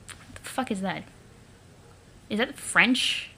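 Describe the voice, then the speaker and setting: A woman reads a webcomic aloud in a relaxed let's-play style. She narrates in the second person and breaks off for wry, joking asides. Her pitch sits at an ordinary middle level. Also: slow, vocal fry, pauses often, breathy edge.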